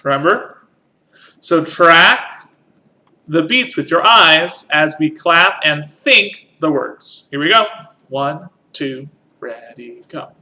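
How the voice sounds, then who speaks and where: A man's voice: on the high side, expressive, takes it slowly, heavy background noise. A man teaching a music lesson, patiently explaining rhythm and counting in. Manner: patient, counts in and sings along.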